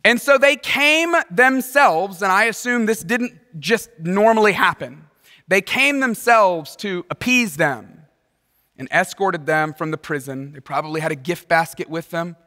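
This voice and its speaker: High, bright-voiced man preaching in a reverberant hall. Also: measured pace. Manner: animated, playful storytelling with acted-out quotes. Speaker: pastor. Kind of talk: sermon. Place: large church auditorium.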